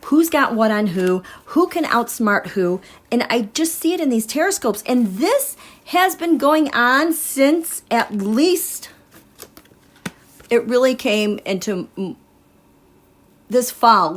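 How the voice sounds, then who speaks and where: A woman reading tarot cards live, chatting in an animated way and laughing often. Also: fairly high pitch. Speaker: tarot reader.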